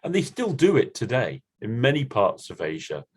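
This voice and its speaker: A man hosting a story-sharing session, explaining a custom in a gentle, relaxed way. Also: medium pitch, moderate pace, slightly rough. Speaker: storyteller and host. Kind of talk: casual storytelling chat.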